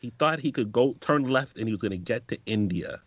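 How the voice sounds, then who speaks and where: A man co-hosting a podcast, jumping in with quick joking remarks in casual chat. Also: mid-range voice, lively intonation, no echo. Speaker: podcast co-host. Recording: dry, dull, husky-sounding audio.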